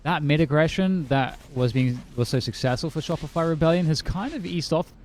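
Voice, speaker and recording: A young man casting an esports match play-by-play, brisk and light-hearted, with self-deprecating jokes. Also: fairly high pitch, darkish tone. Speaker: esports caster. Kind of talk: play-by-play commentary. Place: lives in California, casting remotely from London.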